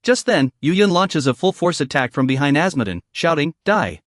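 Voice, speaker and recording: A man's voice: on the high side, expressive, a little fast, no echo, clean studio sound. A man narrating a story recap in a scripted, dramatic storytelling voice.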